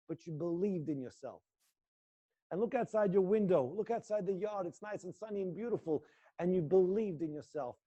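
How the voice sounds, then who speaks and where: Middle-aged male acting coach, fairly high voice, intense and coaxing, swears freely; muffled lo-fi audio. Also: warm tone. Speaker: acting teacher. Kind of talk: guided acting exercise in a live class.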